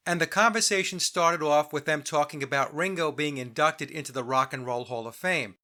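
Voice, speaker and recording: Bright-voiced male podcast host. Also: fairly high pitch. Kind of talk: scripted commentary narration.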